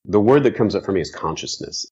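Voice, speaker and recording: A man's voice: low voice, big pitch swings, fast talker, darkish tone, slightly rough, lo-fi sound. A man as guest co-host, speaking in an earnest, frank way and swearing for emphasis in casual conversation.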